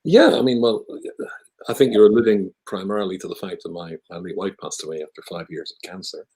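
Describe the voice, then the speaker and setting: A man's voice: low-pitched, fairly quick, dark tone, rough recording. A Scottish man from Scotland, a guest speaker telling stories in conversation with wry, self-deprecating humour. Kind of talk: conversational storytelling.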